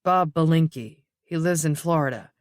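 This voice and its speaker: A grieving young man in his twenties, tired and shaky, as the audiobook narrator reads him. He keeps his answers quiet and short. The recording is dry and close. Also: medium pitch, moderate pace, no echo, lightly acted. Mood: strained. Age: 20s.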